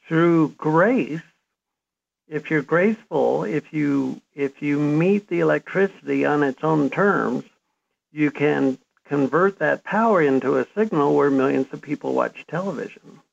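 A man in his fifties answers an interview question at length, earnest and reflective as he recounts his path. His voice sits a little high with a gravelly edge. The recording sounds dull and lo-fi. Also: unhurried. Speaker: interview guest, author.

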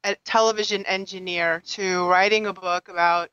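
A woman hosting an interview, asking curious, warm questions. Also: fairly low pitch, steady tone, normal speed, smooth, no echo. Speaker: interview host. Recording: dry, dull lo-fi sound.

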